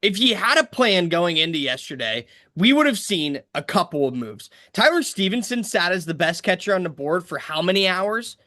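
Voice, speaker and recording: An exasperated, sarcastic man co-hosting a fan sports podcast. His voice is bright and sharp and swings widely in pitch as he talks. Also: very animated, normal speed, hardly any pauses. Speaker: podcast co-host. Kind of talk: casual sports chat.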